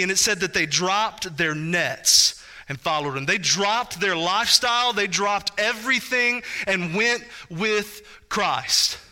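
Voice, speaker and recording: A man, a pastor preaching a sermon in an animated, conversational way, with asides to his congregation. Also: high voice, moderate pace.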